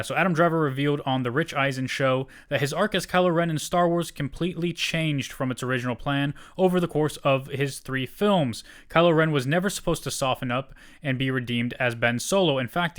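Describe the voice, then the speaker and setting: A man's voice: medium pitch, fast talker, hardly any pauses, fairly bright tone. A young man co-hosting a casual podcast, reading a news quote aloud in a laid-back way. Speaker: podcast co-host.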